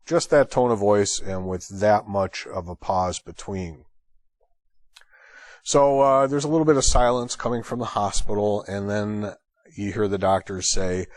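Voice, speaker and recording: A man's voice: lowish voice, moderate pace, darkish tone, dry recording. A man hosting an EMS training lecture, explaining a call in a conversational way. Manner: conversational, thinking aloud with fillers. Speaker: EMS instructor and host.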